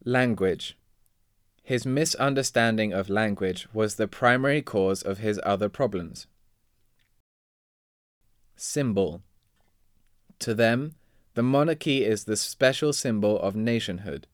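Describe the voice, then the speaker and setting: A man reads vocabulary words and their example sentences in a measured, deliberate way. His voice is low and smooth. The sound is dry and close. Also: dry recording. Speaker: vocabulary reader.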